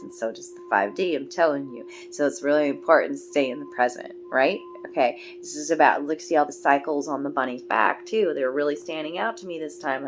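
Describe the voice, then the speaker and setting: A woman gives a tearful, rambling card reading, speaking with warm affection to her viewers. Her voice sits low and has a gravelly fry to it. A steady hum and noise run under the home recording. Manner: emotional, affectionate, rambling and spiritual. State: teary. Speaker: tarot card reader.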